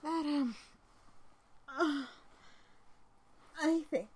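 Young adult woman, intimate self-recorded audio; breathy, unhurried delivery with frequent whispers, light bright tone. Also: high voice, lively intonation, slight background noise. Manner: breathy, drawn-out, slips into whispers. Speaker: amateur adult audio creator.

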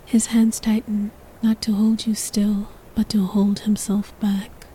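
A woman's voice: mid-range voice, flat delivery, slow pace, dark tone, slight background noise, poor audio. A woman narrating a sensual story in the second person, in a whispered role-play.

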